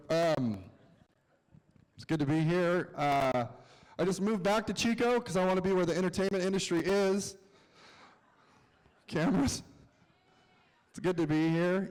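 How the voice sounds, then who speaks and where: Male stand-up comic, self-mocking and deadpan, voice a touch high, stage mic ringing through a long outdoor reverb. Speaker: stand-up comedian. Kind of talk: stand-up set. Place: outdoor city plaza stage.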